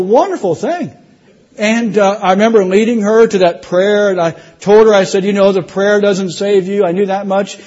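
A middle-aged man delivers a sermon testimony, stumbling over restarts and then lifting his voice for emphasis. His voice sits high and sounds husky. The recording is dull and muffled. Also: normal speed, a little mellow. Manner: storytelling with restarts, rising emphasis. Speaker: preacher.

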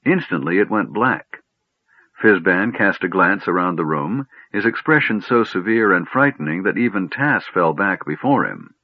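A man narrating a fantasy story in a measured storytelling manner. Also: low-pitched, expressive, husky, no echo. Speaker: audiobook narrator. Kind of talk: scripted narration. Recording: dry, tinny phone-like audio.

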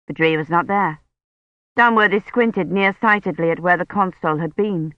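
Measured audiobook narrator, dull lo-fi sound. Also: mid-range voice, no echo. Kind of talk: scripted narration.

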